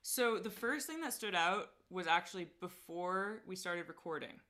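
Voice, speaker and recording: Young woman yapping about her podcast, kinda low but bright sounding, says like a lot. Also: expressive, moderate pace. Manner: chatty, lots of "like", laughs often. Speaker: podcast host as guest. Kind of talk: casual interview chat.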